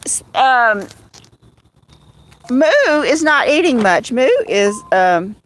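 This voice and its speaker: A woman's voice: high-pitched, sing-song, slow, slight background noise. A middle-aged woman, hosting a casual livestream from her rural home and answering viewers by name. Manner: chatty, drawling, answers chat by name. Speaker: livestream host.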